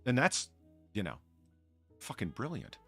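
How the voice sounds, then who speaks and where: A man's voice: mid-range voice, huge pitch swings, unhurried, gravelly, fairly bright tone, slightly rough, soft background music. A man hosting a casual livestream chat, reading out chat comments with wry, profane remarks. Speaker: host.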